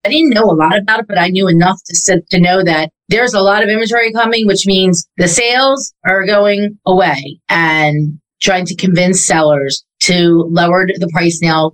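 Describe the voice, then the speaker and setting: A woman real estate agent talking as an interview guest, animated and quick to rattle off lists of questions. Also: on the low side, rough recording. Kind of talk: casual interview talk.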